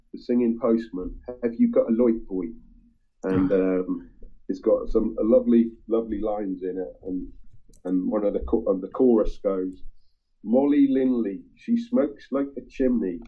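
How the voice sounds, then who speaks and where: A man with a husky, slightly breathy voice, pitched a little low, talks through a song in casual chat. He hesitates constantly, circling back with ums and repeated words. The sound is thin and tinny, like a phone line. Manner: halting, full of ums and restarts. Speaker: music-sharing group member.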